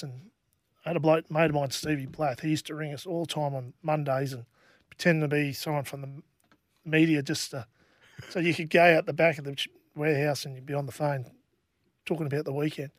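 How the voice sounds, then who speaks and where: An Australian man in middle age spins old sporting yarns in a relaxed, stop-start way. His voice sits somewhat high for a man, and the sound is dry and close with no room around it. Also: no echo. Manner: laid-back, halting with many restarts. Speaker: former rugby league player, guest. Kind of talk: casual storytelling.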